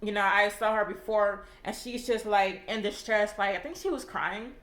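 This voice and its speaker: Young woman, casual storytime, rambling, swears a lot, mid-pitched voice, echoey room. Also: steady tone, moderate pace, a bit bright. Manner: rambling, heavy swearing, filler-laden. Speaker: vlogger.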